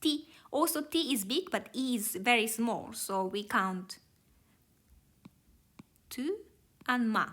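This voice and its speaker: A woman's voice: on the high side, slow pace, long pauses, a bit bright. A woman teaching Japanese grammar to learners, explaining each step carefully in plain, slightly non-native English.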